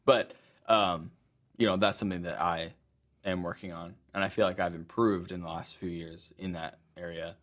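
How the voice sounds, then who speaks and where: Young man, deep low voice, casual podcast chat, hesitant starts, agreeable. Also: steady tone, normal speed, a bit bright. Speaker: podcast co-host. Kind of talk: casual conversation.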